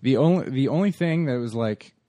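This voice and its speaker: A man's voice: mid-range voice, expressive, brisk, warm tone, no room sound. Casual rambling man, dry close mic. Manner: rambling, swears casually, laughs often. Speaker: podcast co-host. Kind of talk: casual movie chat.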